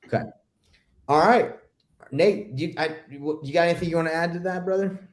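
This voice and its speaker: Male coaching host, blunt and emphatic, slightly high voice, casual video-call chat. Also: moderate pace. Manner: blunt, emphatic, calls listeners bro. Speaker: real estate investing coach hosting a call.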